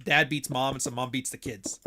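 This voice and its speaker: Canadian male host, bright and tense tone, joking riffs. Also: medium pitch, steady tone, slight background noise. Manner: joking, fast riffing with restarts. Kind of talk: casual chat.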